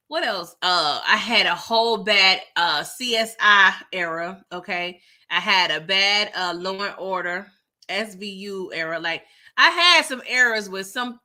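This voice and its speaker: Chatty animated woman, bright voice. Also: medium pitch. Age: middle-aged. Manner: chatty and animated, laughs often, talks straight to the viewers. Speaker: livestream host reading viewer chat. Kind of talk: casual chat.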